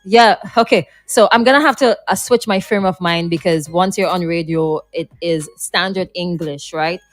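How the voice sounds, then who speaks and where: A woman hosting a morning radio talk show, brisk and upbeat, quick to laugh. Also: lowish voice, dry recording. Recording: dry studio, faint music behind.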